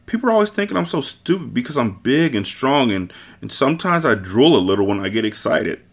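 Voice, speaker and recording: A man voicing a huge, simple-minded, gentle giant in a storybook reading, speaking in a soft, unsure mumble. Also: medium pitch, big pitch swings, brisk, creaky, slightly rough, full character voice. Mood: sheepish.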